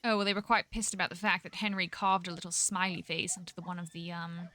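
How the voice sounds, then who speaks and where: A woman voicing a blunt, foul-mouthed frontier ranch woman who talks briskly. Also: lowish voice, flat delivery, pushed and bright. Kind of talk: Western role-play.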